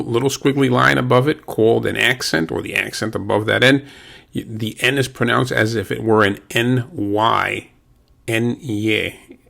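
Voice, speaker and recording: A man teaching a language lesson, patiently saying words slowly and repeating them for practice. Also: mid-range voice, creaky, bright, forceful tone.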